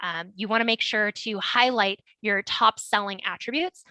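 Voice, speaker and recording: A woman's voice: medium pitch, moderate pace, bright, forceful tone, dry recording, poor audio. A woman career coach giving an instructional webinar talk, earnest and emphatic with frequent ums.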